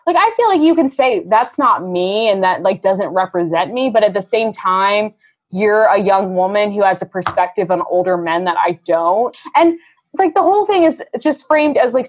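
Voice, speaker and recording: A woman on a podcast speaks with heated indignation, her casual talk full of swearing. She is plainly fed up and lays out her point with conviction. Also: mid-range voice. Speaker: podcast co-host. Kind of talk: casual chat.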